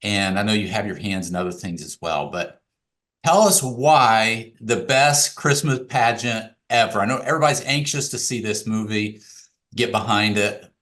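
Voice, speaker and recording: A man's voice: fairly low pitch, normal speed, fairly bright tone. A man hosting a podcast interview, friendly and affirming as he asks his guest questions. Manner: friendly, affirming, with short backchannels. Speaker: podcast host.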